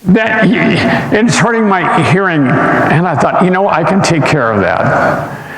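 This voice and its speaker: An older male pastor delivers a sermon in a fairly high voice at an unhurried pace. He drifts through anecdotes with frequent ums and restarts. The sound rings with long reverb across a large, echoey church. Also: animated, fairly bright tone. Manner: rambling, anecdotal, with many fillers and restarts. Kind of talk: sermon with personal stories. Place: church sanctuary.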